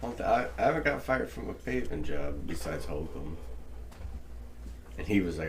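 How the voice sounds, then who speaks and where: A man's voice: low-pitched, lively intonation, normal speed. A man trading crude, laughing banter in casual podcast chat. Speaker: podcast co-host. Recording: roomy, distant mic with faint noise.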